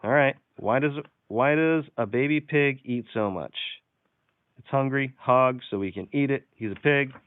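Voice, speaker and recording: A man's voice: medium pitch, a little slow, clear, resonant tone, dry recording. A man hosting a casual live stream, reading out silly jokes and viewer comments with frequent chuckles. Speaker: livestream host. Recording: tinny, phone-like sound.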